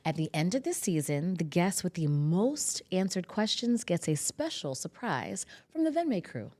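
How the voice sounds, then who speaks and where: A woman's voice: on the low side, sing-song, normal speed, a little mellow. A woman hosting a business podcast, bubbly and playful in a casual interview. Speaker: podcast host.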